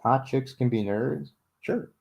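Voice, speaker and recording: A man's voice: medium pitch, slow pace, vocal fry. A young man chatting casually with viewers while he builds a model, joking at his own expense, swearing freely and laughing often. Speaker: livestreamer building a model ship. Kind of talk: casual late-night chat with viewers.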